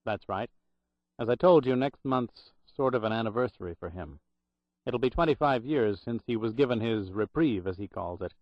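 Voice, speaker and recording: A man voicing a calm, guarded man posing as a government official, speaking in a low-key, measured way. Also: no room sound, lo-fi sound, natural voice.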